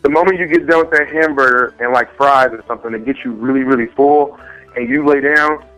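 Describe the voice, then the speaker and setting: A man's voice: medium pitch, fairly quick, a bit bright, faint music behind, low-quality recording. A man hosting a casual chat, asking blunt, profane, joking questions.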